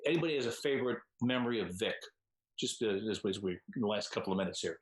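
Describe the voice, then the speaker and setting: A man's voice: on the low side, expressive, fast. Man hosting a roomy video call. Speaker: host. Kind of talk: video call roundtable chat.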